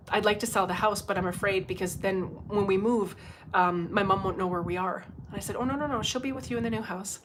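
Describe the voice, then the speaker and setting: A woman's voice: mid-range voice, a little hiss or hum. Chatty woman livestreaming as a medium. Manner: chatty, animated storytelling with frequent asides to viewers. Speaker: psychic medium. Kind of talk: casual livestream talk. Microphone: livestream microphone.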